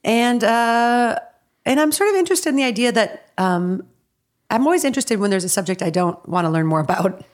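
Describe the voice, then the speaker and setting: A woman's voice: a little high, animated, brisk. A woman chatting as a podcast guest, rambling and laughing easily. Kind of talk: casual chat.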